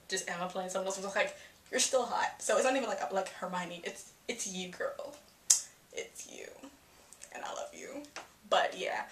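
A young woman giving a casual, profane movie reaction vlog, excitable and acting out her reactions. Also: medium pitch. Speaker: film reviewer. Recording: echoey room.

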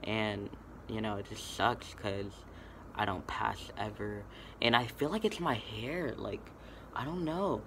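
Young dude vlogging, low gravelly voice, rambly and chill, noisy background. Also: male voice, a little slow, fairly bright tone. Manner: rambling and laid-back, full of fillers and swearing. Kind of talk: casual chat to camera.

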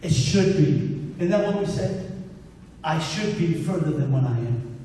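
A man's voice: on the high side, animated, measured pace, mellow, far from the mic, slight background noise. A man pastor preaching a sermon in a conversational way, acting out his own prayers to God. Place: church hall. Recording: echoey hall recorded from afar.

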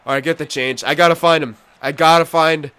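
Bright, excitable young man gaming. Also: fairly high pitch, a little fast, clean tone. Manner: excitable, swears and yells at the game. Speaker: gameplay commentator. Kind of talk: live gameplay commentary.

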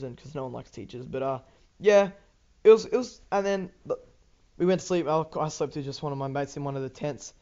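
A man's voice: a little high, a little mellow, smooth, muffled recording. A teenage boy with an Australian accent, rambling casually over gameplay with lots of ums, restarts and swearing. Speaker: gaming YouTuber.

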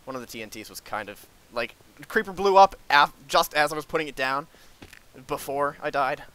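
A man hosting a casual gameplay chat, excitable and quick to burst into shouts and laughter. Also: on the high side, smooth. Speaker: let's play host.

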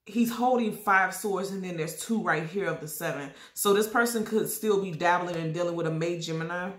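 A woman giving a casual tarot reading straight to her viewers, stressing her points by saying them again and again. She keeps coughing and clearing her throat as she talks. Her voice carries a roomy echo from the space around her. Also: fairly low pitch, a little fast. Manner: repetitive, emphatic, addresses viewers directly. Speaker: tarot reader.

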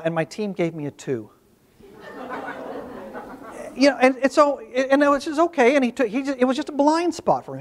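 A man with a high-pitched voice presents to a workshop audience in a presentation room. He talks in an easygoing, storytelling way, doubling back on his words and adding little asides as he goes. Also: darkish tone. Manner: conversational storytelling with restarts and asides. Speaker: corporate workshop speaker.

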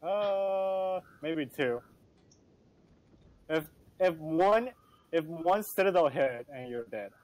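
Relaxed gamer guy, plain talk, voice a bit high. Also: takes it slowly, pauses often, rough recording. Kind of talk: casual gameplay chat.

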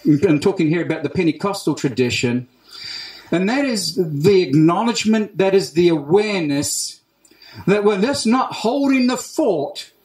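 An Australian man preaching a sermon as pastor, emphatic, repeating key phrases with deliberate pauses. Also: high-pitched, a little mellow. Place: church hall. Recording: roomy church hall echo.

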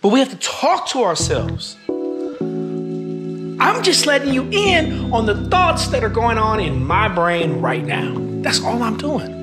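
Unhurried and sing-song, this man's high-sitting voice carries a reflective personal vlog, spoken to camera with earnest emphasis and casual slang. Loud background music runs behind him throughout.

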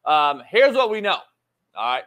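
A man hosting a live sports talk show, talking in an animated, emphatic way, swearing casually and hammering key points through repetition. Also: sits high, moderate pace.

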